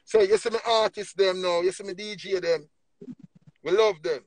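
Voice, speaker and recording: A man with a Jamaican accent preaching emphatically on a livestream, swinging between low murmurs and loud bursts. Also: fairly even intonation, moderate pace, a crowd in the background. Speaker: livestream speaker.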